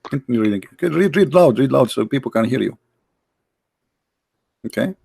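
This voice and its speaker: Gravelly Arab man pressing with questions. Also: medium pitch, animated, a little fast, a little mellow, slight background noise. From Arab world. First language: Arabic. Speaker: debate host. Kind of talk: live online debate.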